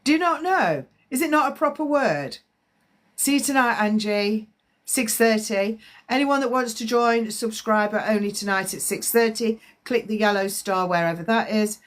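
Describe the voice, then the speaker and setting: A woman's voice: on the high side, moderate pace. A woman, a psychic medium, chatting and rambling through live-stream spiritual readings as she answers viewers' comments, sounding slightly congested.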